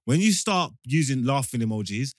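A man's voice: mid-range voice, lively intonation, moderate pace, no room sound, studio quality. A man, a podcast co-host making his case in heated casual banter, persistent and slangy. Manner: persistent, argumentative, slang-heavy.

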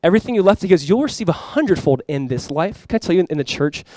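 A man's voice: high-pitched, lively intonation, fast, dark tone. A man preaching a sermon as pastor, conversational and emphatic, talking to the congregation and inviting them to respond. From California.

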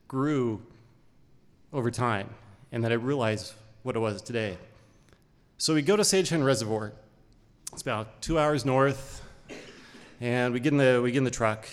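Man telling a story in a reverberant hall. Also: medium pitch. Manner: conversational, unhurried, with short phrases and pauses. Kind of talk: live personal storytelling. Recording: long reverb of a large hall.

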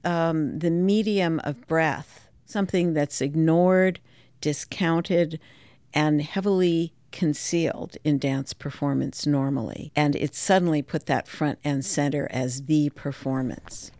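A woman's voice: deep voice, fairly even intonation, slow pace, warm tone, dry recording. A woman dance scholar explaining her ideas in a thoughtful, reflective interview.

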